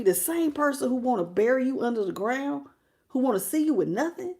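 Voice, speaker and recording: A woman reads tarot live. She talks bluntly and with slang, and her voice sits fairly high. She stays animated as she calls out to her chat viewers. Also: a little fast. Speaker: tarot reader.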